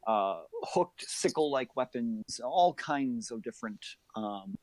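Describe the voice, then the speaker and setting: A man narrating a tabletop game as game master, describing scenes in detail with many filler pauses. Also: medium pitch, animated, darkish tone, no echo.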